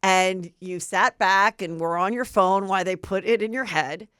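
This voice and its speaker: A woman's voice: mid-range voice, normal speed, a bit bright, clear, resonant tone, no room sound, studio quality. A woman hosting a podcast, telling stories in a chatty, enthusiastic casual way. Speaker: podcast host.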